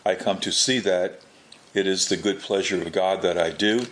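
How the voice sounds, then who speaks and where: A man giving a spoken religious teaching in an unhurried way, often restarting and repeating his words. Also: deep voice, fairly even intonation, fairly bright tone, a little hiss or hum. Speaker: Catholic preacher.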